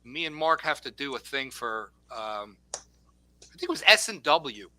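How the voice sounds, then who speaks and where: A man hosting a casual chat, telling animated anecdotes and acting out the dialogue. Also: mid-range voice, normal speed, poor audio. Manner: animated anecdote teller, acts out quoted dialogue.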